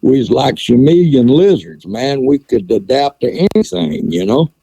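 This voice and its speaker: A man's voice: mid-range voice, very animated, normal speed, gravelly, mellow, husky, dry recording. An older man telling stories in a folksy, rambling way, often restarting his sentences. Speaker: guitar session player, guest. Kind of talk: casual conversation, storytelling.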